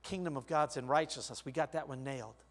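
An older male pastor preaching a sermon, telling a personal story with sharp shifts between quiet and loud. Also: mid-range voice, fast. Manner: storytelling, with big swings of loudness.

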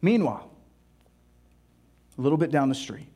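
Animated high-voiced preacher man. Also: normal speed. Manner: animated, acts out scripture voices, drops to hushed tones. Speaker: pastor. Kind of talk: sermon.

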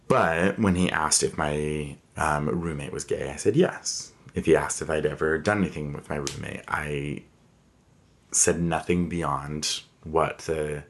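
Deep-voiced man in his thirties, candid and reflective, interview storytelling. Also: steady tone, measured pace. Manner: candid, reflective, with frequent fillers. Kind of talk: personal storytelling.

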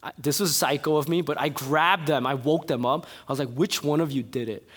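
A young man preaching a sermon, telling a personal story with animated energy before turning to soft, earnest exhortation. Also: a little high, a little fast, husky. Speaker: pastor.

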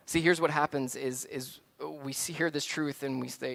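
Conversational pastor man, slightly high voice. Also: moderate pace, hardly any pauses. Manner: conversational, dramatic swings from hushed to loud. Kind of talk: sermon.

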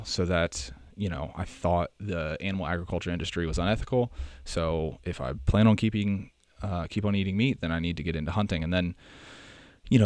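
A man's voice: low voice, a little mellow, dry recording, clean studio sound. A young American man hosting a podcast, talking in a rambling, chatty way and often correcting himself. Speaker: podcast host. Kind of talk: casual monologue.

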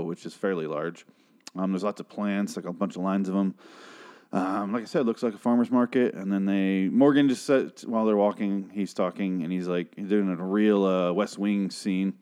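A man casually recapping a TV episode, swearing freely and acting out characters' lines in quick put-on voices. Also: deep voice, a little mellow, smooth.

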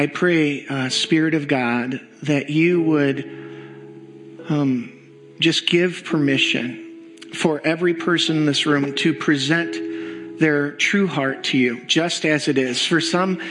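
A man leading a congregation in slow, earnest pastoral prayer during a church service. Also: on the high side, a bit bright, poor audio. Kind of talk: sermon prayer. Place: church sanctuary.

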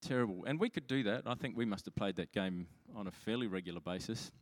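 Chatty pastor in a reverberant hall. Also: male voice, fairly low pitch, fast. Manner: chatty, self-mocking storytelling with many restarts. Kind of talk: sermon.

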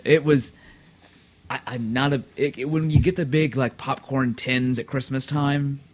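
A man's voice: medium pitch, fairly even intonation. A man in a casual group chat, joking at his own expense and often restarting his sentences. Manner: joking, self-mocking, halting restarts.

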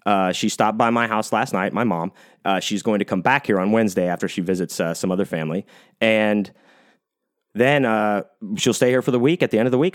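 Talking solo on his podcast, an American man rambles in a lowish voice at a fairly quick pace. He swears often and keeps restarting, with lots of fillers.

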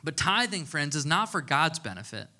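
Bright-voiced man preaching conversationally. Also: on the high side, very animated, moderate pace. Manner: casual, chatty storytelling with playful humor. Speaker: pastor. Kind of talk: conversational sermon.

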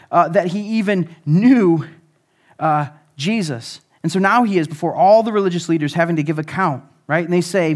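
High-voiced man preaching casually. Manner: conversational, animated, acts out quotes. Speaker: pastor. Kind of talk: sermon.

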